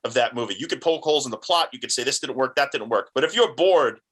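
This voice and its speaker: Animated storytelling man, bright voice. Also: medium pitch, fast talker, a little hiss or hum, low-quality recording. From New York. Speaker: guest, independent film producer. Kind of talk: casual interview chat.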